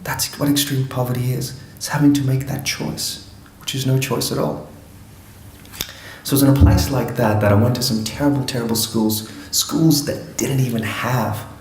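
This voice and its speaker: A man's voice: medium pitch, roomy sound, slight background noise, rough recording. A man from Afghanistan telling his life story to an audience in an earnest, reflective way, with touches of humor.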